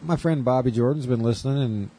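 A man co-hosting a casual chat show, talking in loose, rambling, jokey stories. His voice has a warm, dark, mellow tone at a middle pitch. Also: fast talker, breathy edge. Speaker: podcast co-host.

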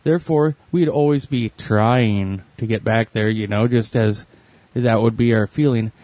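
A man's voice: medium pitch, a little slow, darkish tone, dry recording. Guy w dry jokes n short replies, dead dry mic. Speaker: podcast co-host. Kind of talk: casual chat.

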